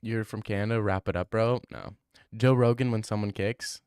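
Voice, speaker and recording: A man's voice: on the low side, fairly even intonation, moderate pace, darkish tone, clean tone, no echo, clean studio sound. A young man streaming, reading chat aloud and reacting in casual, slangy talk, often saying bro. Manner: laughing, slangy, says bro a lot.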